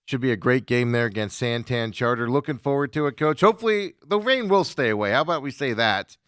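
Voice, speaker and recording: Male host, crisp and bright, dry close sound, jokey banter. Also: mid-range voice, animated, a little fast, dry recording. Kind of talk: casual chat.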